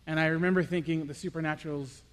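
Speaking quickly, a young man with a light, high voice preaches an earnest, confessional sermon. He swings from quiet, hushed reflection to lively, animated storytelling, and his words echo with a long reverb like that of a large hall.

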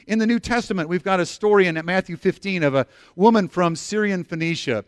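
Acting out quotes as he tells animated stories, this middle-aged pastor frequently restarts and repeats words in his sermon. His voice sits high and is smooth and fairly quick, recorded dry at studio quality.

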